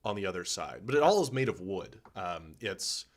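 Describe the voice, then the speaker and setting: A man with a somewhat low voice acts as game master for a tabletop game. He narrates in a relaxed, easygoing way, often pausing to restart a phrase.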